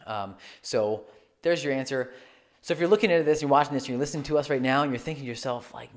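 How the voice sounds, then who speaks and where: A male fitness coach co-hosting a casual podcast, earnest and encouraging. His voice sits at a middling pitch, and he talks in a relaxed way. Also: fast.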